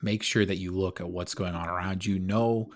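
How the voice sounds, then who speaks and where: A man co-hosting a podcast in casual chat, animated and rambling, often poking fun at himself. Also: sits low, moderate pace. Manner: animated, rambling, self-deprecating. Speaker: podcast co-host.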